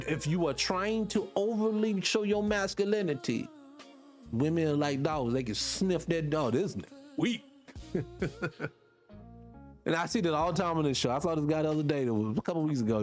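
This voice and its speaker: A man's voice: fairly high pitch, brisk, a little mellow, faint music behind. Blunt, slangy man lecturing listeners. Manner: blunt, preachy, slangy, addresses listeners directly. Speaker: podcast host. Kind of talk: casual commentary monologue.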